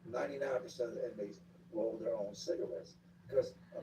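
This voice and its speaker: A man telling stories of his time as an inmate in casual street slang, acting out the shouts of other inmates. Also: mid-range voice, steady tone, fairly quick. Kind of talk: casual storytelling. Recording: distant mic with clear background noise.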